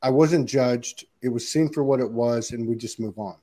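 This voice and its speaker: A man's voice: mid-range voice, normal speed, mellow. A man co-hosting a casual conversation, laid-back and loose, saying "man" and "you know" and acting out little quotes.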